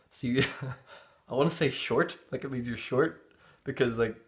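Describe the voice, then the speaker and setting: A man's voice: mid-range voice, slow. A young man with a Northern Irish accent, explaining local slang in a rambling, easygoing way as he searches for words. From Northern Ireland. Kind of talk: casual explanation.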